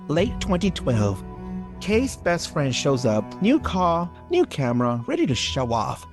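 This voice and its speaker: A man co-hosting a horror podcast, chatting casually and reading a listener story aloud with theatrical pauses and jokey asides. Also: a little high, huge pitch swings, soft background music. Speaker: podcast co-host.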